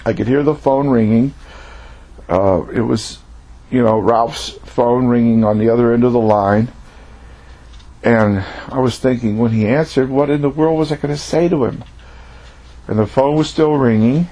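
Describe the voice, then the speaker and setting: A preacher with a husky, breathy voice gives a personal testimony sermon, telling his story earnestly and reflectively. His pitch is middling, his pace moderate, and his tone dark.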